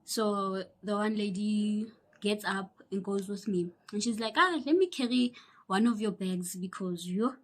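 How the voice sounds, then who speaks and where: A young South African woman telling a personal story in a casual, animated way, acting out the people she quotes and sometimes dropping into a whisper. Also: medium pitch, measured pace. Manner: animated, acts out quoted voices, drops into whispers. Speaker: YouTuber.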